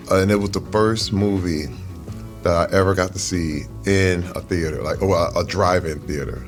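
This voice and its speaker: A man being interviewed over a meal, telling earnest, reflective stories. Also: lowish voice. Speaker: interview guest.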